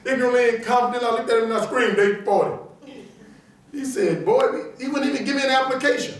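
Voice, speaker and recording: Captured from a distance in an echoey large auditorium, a motivational speaker from New Orleans, USA, with a New Orleans accent, delivers a keynote, acting out the people in his animated stories. His voice is very high, fairly quick, and pauses often.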